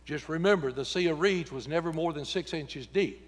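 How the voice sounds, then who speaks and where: A man's voice: on the high side, moderate pace, long reverb tail. A man preaching a sermon in a church, folksy and joking, acting out voices when he quotes people. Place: church sanctuary.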